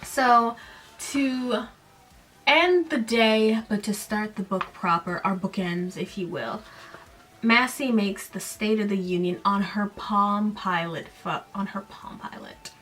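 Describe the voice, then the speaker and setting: A woman in her late twenties to thirties hosting a podcast, recapping a book in a casual way with sarcastic, animated, mocking asides. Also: medium pitch, slow, distant mic. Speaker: podcast host.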